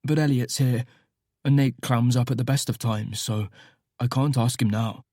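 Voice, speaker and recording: A man giving soft, wistful first-person audiobook narration. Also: medium pitch, steady tone, normal speed, dry recording, clean studio sound.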